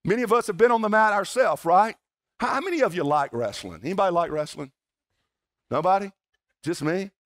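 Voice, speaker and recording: Southern US male pastor, high-pitched, chatty and playful with the congregation, live church sermon. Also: animated, brisk, a bit bright. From South Georgia, US. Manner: conversational, folksy, playful asides to the congregation. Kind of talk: sermon with prayer and personal storytelling. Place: church service before a congregation.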